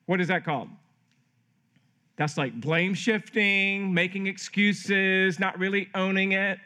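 A middle-aged man preaching a sermon as pastor at a camp, lively and acting out quoted voices. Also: sits high, takes it slowly. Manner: animated, acts out quoted voices. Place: camp meeting hall.

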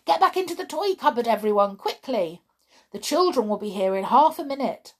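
A woman voicing an excitable toy bear in a children's storybook reading. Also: fairly high pitch, unhurried, pitched above the performer's own voice. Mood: urgent. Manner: exclamatory, fussing.

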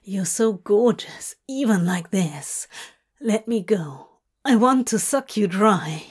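A woman's voice: medium pitch, lively intonation, slow pace, husky. A woman voicing a lustful demon man who pleads in a breathless, eager way.

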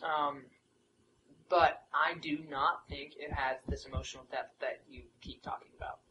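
An eager co-host of a casual movie podcast who jumps in often with agreement and opinions. The voice is at a middle pitch, with a little background noise. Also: steady tone, pushed and bright, reverberant, rough recording. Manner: enthusiastic, quick to agree and chime in. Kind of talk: casual film discussion.

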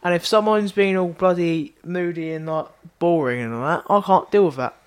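Man, blunt banter, casual podcast co-host, slightly higher voice. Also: moderate pace, clean tone. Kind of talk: casual chat.

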